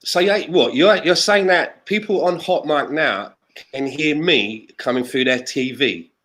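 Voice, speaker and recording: A man co-hosting a casual chat, full of teasing banter and quick laughs. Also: a little high, a bit bright, low-quality recording. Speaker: co-host.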